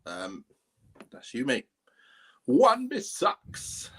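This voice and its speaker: A man's voice: medium pitch, lively intonation, fairly quick, fairly bright tone. A man co-hosting a casual football chat, earnest and talking in long runs. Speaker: podcast co-host.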